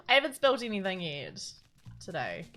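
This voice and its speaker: A woman's voice: medium pitch, bright, forceful tone. A woman with a New Zealand accent chatting casually on a live game stream, rambling and giggling often. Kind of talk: casual live-stream chat while gaming. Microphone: standalone studio mic.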